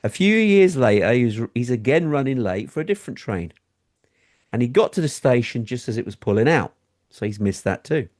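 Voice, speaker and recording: Very animated and brisk, a middle-aged English talk show co-host spins a story in casual conversation, his tone a little mellow. He does high voices for the people he quotes.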